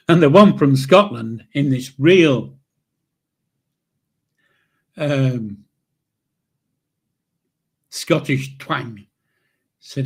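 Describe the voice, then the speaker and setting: Man, 70s, slow husky storyteller, rambling memoir. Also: medium pitch, animated. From England. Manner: rambling, halting, with chuckles. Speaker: channel host, grandfather. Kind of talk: casual spoken memoir storytelling.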